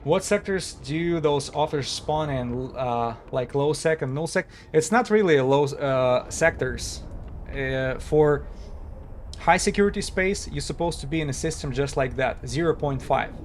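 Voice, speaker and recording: Man chatting halting on a game stream. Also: fairly high pitch, a little hiss or hum. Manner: halting, with many fillers and restarts, chuckling. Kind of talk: casual live-stream commentary.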